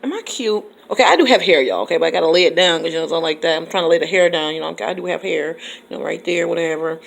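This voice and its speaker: A woman's voice: fairly low pitch, rapid-fire, creaky. A woman teacher from Michigan, chatting casually in her car and laughing often. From Michigan, USA. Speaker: teacher and vlogger. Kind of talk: casual chat.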